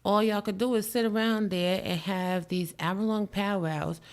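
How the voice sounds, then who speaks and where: A woman's voice: mid-range voice, fairly even intonation, unhurried. A woman with a New York accent co-hosting a chat show, brash, profane and boastful in casual talk. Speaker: podcast co-host.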